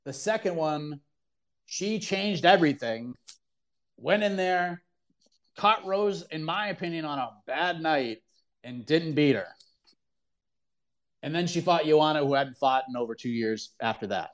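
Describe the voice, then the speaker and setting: Guy hosting a call-in sports show, kinda high voice, opinionated, hammers his points home. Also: animated, a little slow, long pauses. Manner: emphatic, opinionated, repeats himself for emphasis. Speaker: podcast host answering callers.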